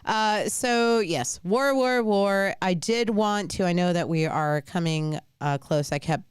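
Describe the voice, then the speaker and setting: Blunt, low-voiced woman host, rambling on. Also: measured pace, clean tone, no room sound, studio quality. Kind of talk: casual live commentary.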